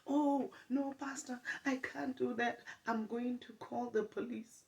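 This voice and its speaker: A woman voicing a panicky young woman tattling to a pastor, high and pleading, often half-whispered. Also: fairly even intonation, measured pace, creaky, darkish tone, recorded from a distance, poor audio. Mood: alarmed.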